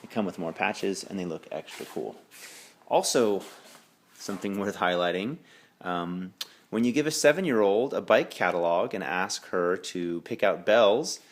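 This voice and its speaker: A bike shop owner giving a casual late-night walkthrough of his store, relaxed and rambling with fillers and self-corrections. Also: sits low, unhurried, slight background noise. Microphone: handheld camera while walking.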